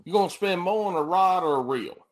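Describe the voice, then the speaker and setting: A man hosting a podcast, bantering crudely and laughing loudly with his guests. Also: high-pitched, expressive, brisk. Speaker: podcast host. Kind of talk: casual chat.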